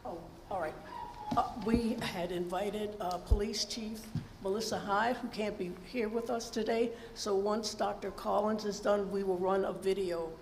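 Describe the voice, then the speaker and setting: A woman's voice: medium pitch, fairly even intonation, unhurried, a little mellow. A woman moderating a public hearing, introducing speakers and reading their prepared bios. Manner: announcing, reads prepared bios. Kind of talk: formal introductions. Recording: echoey hall with noise.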